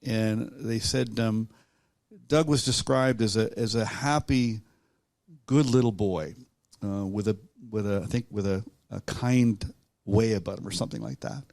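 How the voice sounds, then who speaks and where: Guy with a lowish voice telling his life story, lots of ums and restarts, dry close sound. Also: creaky, a little mellow, dry recording. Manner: halting, with many restarts and fillers. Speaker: guest author. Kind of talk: conversational storytelling.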